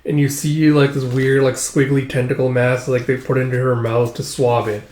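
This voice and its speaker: A man's voice: medium pitch, flat delivery, moderate pace, darkish tone. A young man casually reading through a comic, narrating with lots of filler words and the occasional swear. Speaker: comic reader. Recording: roomy echo.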